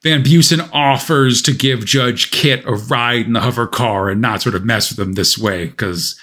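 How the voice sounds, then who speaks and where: A man co-hosting a relaxed podcast chat, walking through a comic's plot. He talks at a middling pitch and breaks the summary with dry, joking asides. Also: moderate pace. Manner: wry asides while recapping. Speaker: podcast co-host.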